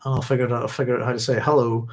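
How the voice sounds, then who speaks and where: Man, book club host, rambling, self-correcting, laughs a lot, mid pitch. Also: little pitch movement, rapid-fire, rough recording. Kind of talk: casual book talk.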